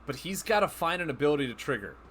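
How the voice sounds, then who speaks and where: A man streaming a card game live, thinking aloud about his plays, excitable and self-mocking. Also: a little high, fast, a little hiss or hum.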